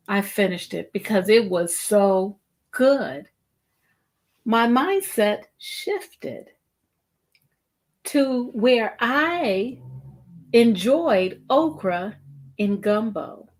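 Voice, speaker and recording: A middle-aged woman hosting a live-streamed wellbeing talk show, speaking deliberately and repeating phrases for emphasis to her viewers. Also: mid-range voice. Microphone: streaming setup, video call style.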